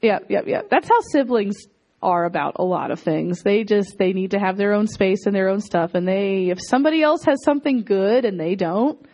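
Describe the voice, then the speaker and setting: A woman in her thirties preaching a sermon in an animated way. She repeats lines for emphasis and often laughs as she talks. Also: mid-range voice, moderate pace. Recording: dull lo-fi recording.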